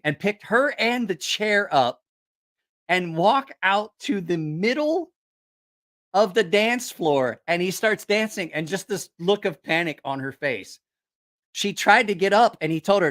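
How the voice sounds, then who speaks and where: A man casually telling profane, animated stories, acting out other people's voices. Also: sits high, unhurried. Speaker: host. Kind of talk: casual storytelling.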